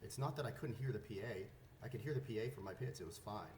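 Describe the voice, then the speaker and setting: Man, aggrieved and insistent, echoey room, steady background noise. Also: fairly low pitch, quick pace. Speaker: racer explaining a dispute. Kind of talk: direct-to-camera explanation. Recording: roomy clip with background noise.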